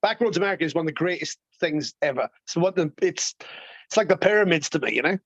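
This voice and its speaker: A high-pitched man talks with lively enthusiasm as a guest on a podcast, often breaking into laughs. The sound is dull and slightly lo-fi, with a dry, close feel. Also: fast, dry recording. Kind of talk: casual chat.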